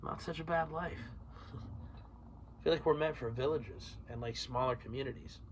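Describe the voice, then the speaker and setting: A man's voice: medium pitch, measured pace, a little hiss or hum. A man hosting a solo podcast, rambling through tangents, swearing freely and laughing at himself. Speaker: podcast host.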